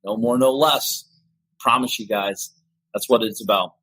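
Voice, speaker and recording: Man, podcast host, motivational talk, earnest and preachy, husky, dry close sound. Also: lowish voice, measured pace, bright, forceful tone, no echo, low-quality recording. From Ohio, USA. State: emotional.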